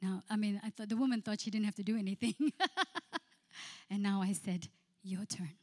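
A woman pastor giving a sermon. She reads scripture, then tells a counseling story with frequent laughter and quiet, hushed quotes of her own words. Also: medium pitch, fairly even intonation, brisk.

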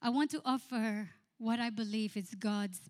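A woman's voice: a little high, moderate pace, a little mellow. Woman preaching with a storytelling touch. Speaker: pastor. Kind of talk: sermon.

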